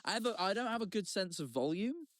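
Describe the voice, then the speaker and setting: High, lively man, defensive. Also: fast talker. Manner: defensive, stumbling restarts. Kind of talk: casual chat.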